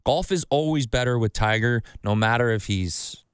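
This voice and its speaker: A man's voice: medium pitch, moderate pace, smooth, no room sound, clean studio sound. Swearing, storytelling podcast host man. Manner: swearing storyteller, acts out his own quotes. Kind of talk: casual podcast chat.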